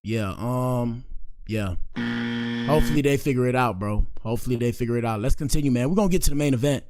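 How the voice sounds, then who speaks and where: A man's voice: medium pitch, fast talker, darkish tone. A young man hosting a casual commentary show, laid-back, full of slang, often saying "bro".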